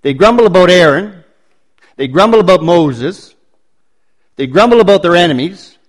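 His high voice is expressive as this man preaches, repeating his points with emphasis to build them up. Stressed phrases come out more slowly.

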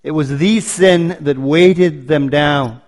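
A man preaching a sermon, building points through emphatic repetition and slowing down on stressed phrases. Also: on the high side.

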